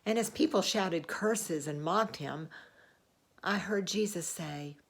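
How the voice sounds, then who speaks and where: Woman playing Roman centurion, commanding officer; earnest, measured first-person monologue, lowish voice. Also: vocal fry, slightly rough, exaggerated voice. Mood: solemn.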